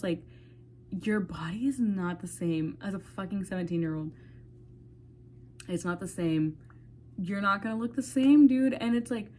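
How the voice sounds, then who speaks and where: This casual to-camera vlog features a woman in her twenties with a mid-range, darkish voice, chatting candidly into her phone. She rambles, swears freely, and says "like" often, with a bit of background noise.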